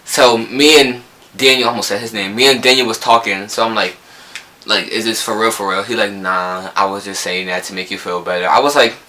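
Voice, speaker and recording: A man's voice: lowish voice, fairly even intonation, brisk, sharp tone, a little hiss or hum, rough recording. A young man from New Jersey with a local accent, telling a rambling storytime vlog full of quoted dialogue. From Newark, New Jersey. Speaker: vlogger. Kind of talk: casual storytime.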